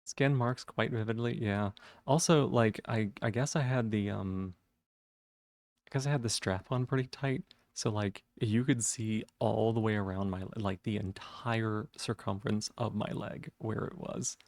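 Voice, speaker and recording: A man's voice: fairly low pitch, steady tone, measured pace, a little mellow, dry recording. A man chatting casually on a live stream, rambling with lots of fillers and restarts.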